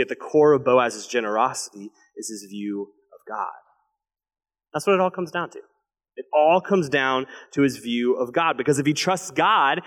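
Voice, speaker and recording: Animated young male pastor, reverberant hall. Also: fairly high pitch. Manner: animated storytelling, drops to a hushed intense voice. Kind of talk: sermon. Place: church sanctuary.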